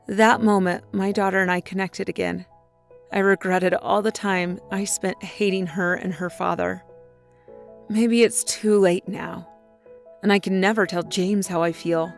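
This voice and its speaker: A woman's voice: medium pitch, creaky. A woman reading an emotional, tender first-person story aloud. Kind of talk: scripted first-person narration.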